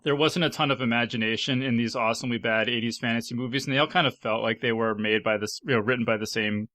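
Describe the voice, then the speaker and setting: A man's voice: mid-range voice, steady tone, fast talker, bright, forceful tone, no echo. A man hosting a casual panel podcast, chatty and full of fillers, laughing often as he talks. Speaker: podcast host.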